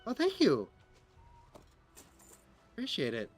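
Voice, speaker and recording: A man's voice: sits high, huge pitch swings, takes it slowly, soft background music. A man giving casual commentary over his gameplay, rambling and joking with lots of filler words. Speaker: gaming streamer.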